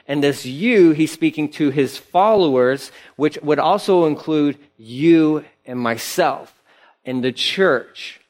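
A man's voice: on the high side, lively intonation, takes it slowly, a little mellow. A man preaching a sermon in a church, talking conversationally with playful asides. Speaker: pastor. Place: church sanctuary.

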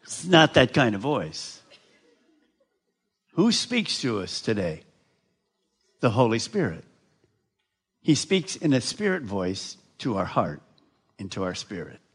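A man preaching a sermon to a large crowd, slow and emphatic, often putting questions to his listeners. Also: on the low side, wildly swooping pitch, a bit bright, husky. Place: large gathering addressed live.

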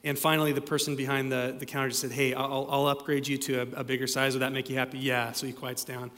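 A man giving a sermon as pastor, telling stories in a relaxed, conversational way with frequent fillers. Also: medium pitch, fast. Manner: conversational storytelling with many fillers. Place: church sanctuary. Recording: long hall reverb.

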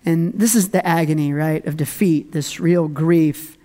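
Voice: a little slow, dark tone. A pastor preaching a conversational sermon, reading scripture and commenting with humor and frequent laughs. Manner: conversational and humorous, laughs often, dramatic swings in pitch.

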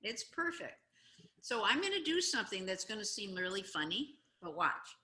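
A woman guest speaking in a casual interview over a video call, telling stories with expressive emphasis. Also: mid-range voice, moderate pace. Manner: expressive, warm storytelling with animated emphasis. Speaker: guest, anti-bullying advocate. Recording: roomy, echoey room sound.

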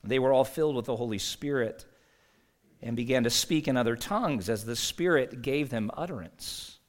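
A man's voice: medium pitch, moderate pace. A man delivering a sermon as a pastor, conversational, asking rhetorical questions and reading scripture aloud.

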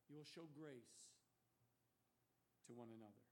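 A middle-aged man preaching a sermon as pastor, emphatic, swinging from loud rhetorical questions to hushed warnings. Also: medium pitch, a little slow.

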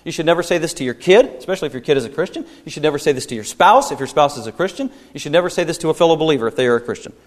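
A man's voice: expressive, racing, few pauses. A man preaching a sermon as pastor, emphatic, with repeated phrases and pointed questions to the congregation. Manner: emphatic preaching with wide swings in pitch and loudness, repeated phrases.

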